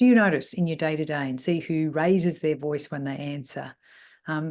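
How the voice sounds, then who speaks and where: A middle-aged woman, talking as a salon mentor in an animated way. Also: low voice, normal speed. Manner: animated, mimics voices when quoting people. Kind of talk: talk on salon team issues.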